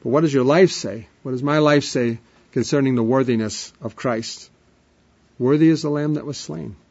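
A man preaching an emphatic sermon, repeating refrains, with his voice swelling up and dropping to a hush. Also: mid-range voice, normal speed. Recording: dull lo-fi sermon recording.

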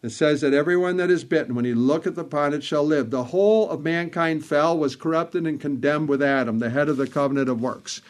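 A man preaching a sermon, speaking in measured phrases, repeating words for emphasis and quoting old scripture wording. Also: on the high side.

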